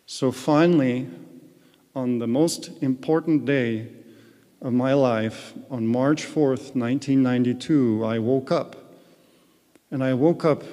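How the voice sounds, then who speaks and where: A man's voice: mid-range voice, mellow. A man giving an earnest personal spiritual testimony as a guest speaker in a large retreat hall. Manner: earnest storytelling. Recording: long echo of a large hall.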